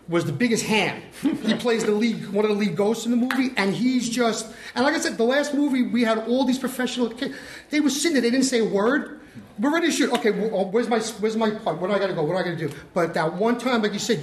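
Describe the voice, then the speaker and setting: An older man with a notably high voice tells lively stories as a guest filmmaker, acting out the lines of the people in them. The sound has a roomy echo. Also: a little hiss or hum. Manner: animated, acts out quotes. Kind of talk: casual storytelling chat. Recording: roomy echoey room.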